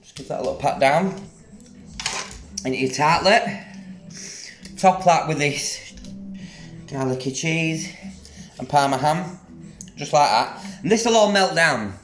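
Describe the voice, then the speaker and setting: A man's voice: on the high side, expressive, measured pace, pauses often, roomy sound, soft background music. A man chatting casually through a home cooking vlog, rambling and enthusiastic about food. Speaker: home cook. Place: home kitchen.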